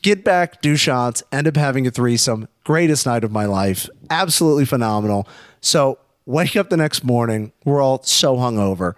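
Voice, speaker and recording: A man's voice: medium pitch, normal speed, no room sound, clean studio sound. A young man telling a wild story on a podcast, cursing freely and acting out the other people's voices. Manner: animated, profane, acts out voices.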